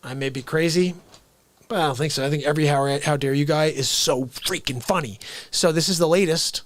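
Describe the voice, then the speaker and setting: A man hosting a livestream, chatting excitedly and grumbling at his screen. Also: on the high side, brisk, no room sound. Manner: excitable, chatty, frustrated asides. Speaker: show host. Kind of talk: casual livestream chat.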